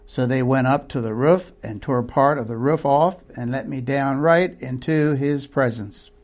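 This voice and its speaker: A man's voice: mid-range voice, measured pace, close to an everyday voice. A man voicing an eager, earnest male villager healed of palsy, making urgent appeals.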